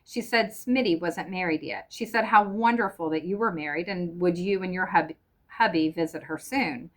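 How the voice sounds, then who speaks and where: A cold, mocking husband, deliberate and quietly cutting, as a woman reads him aloud in a storybook reading. His lines stay fairly low and measured. Each jab lands slowly and precisely. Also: natural voice. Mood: cold sarcastic. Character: cold sarcastic middle-aged husband.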